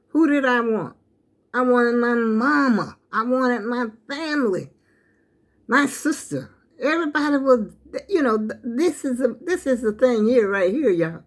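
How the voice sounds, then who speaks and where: An older woman, hosting her own channel and giving an emotional, preachy talk that speaks straight to her viewers. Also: mid-range voice. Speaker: channel host. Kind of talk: heartfelt talk to camera.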